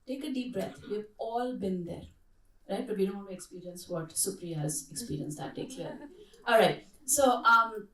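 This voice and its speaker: During an interactive workshop talk in a conference hall, a middle-aged woman speaks with a mid-range voice at a moderate pace, mixing lively storytelling with questions to the audience. The room echoes and the mic sits far from her.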